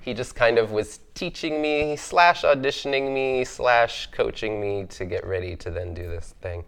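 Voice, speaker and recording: A man's voice: medium pitch, moderate pace, a bit bright, smooth. A man on an artist panel, telling stories about his early influences in a thoughtful, chatty way, with lots of fillers and easy laughter. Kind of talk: reflective conversational storytelling.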